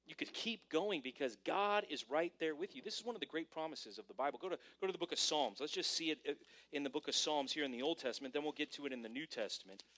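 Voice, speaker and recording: A male pastor delivering a sermon to a congregation, preaching animatedly and swinging between hushed and emphatic delivery. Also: fairly high pitch, expressive, quick pace. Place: church service before a congregation.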